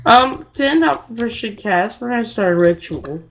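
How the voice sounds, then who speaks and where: A man's voice: extremely high pitch, expressive, normal speed, fairly bright tone, slight background noise. A teenage boy co-hosting a goofy amateur podcast, teasing and interrupting his friend. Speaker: podcast co-host.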